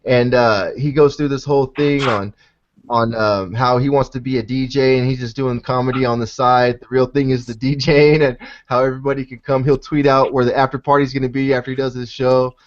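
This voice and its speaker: A man's voice: mid-range voice, little pitch movement, fairly quick, highs cut off. A man hosting a casual podcast chat over a video call, laid-back and swearing freely, often tagging his sentences with "man". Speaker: podcast host.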